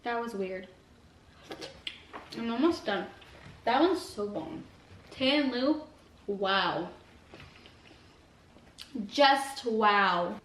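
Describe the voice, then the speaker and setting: A woman's voice: on the high side, animated, very slow, pauses often, fairly bright tone, a little hiss or hum. Rambling young woman in echoey room. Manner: rambling, heavy use of "like", earnest. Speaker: mukbang vlogger. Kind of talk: casual motivational chat while eating. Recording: echoey room, mic at a distance.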